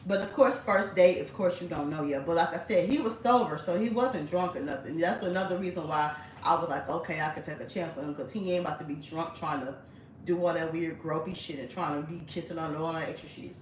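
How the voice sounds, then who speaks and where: A woman's voice: low voice, a little fast, a little hiss or hum. Blunt woman in an echoey room. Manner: blunt, chatty, frequent swearing and laughter. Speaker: vlogger. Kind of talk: casual storytelling. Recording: echoey room, mic at a distance.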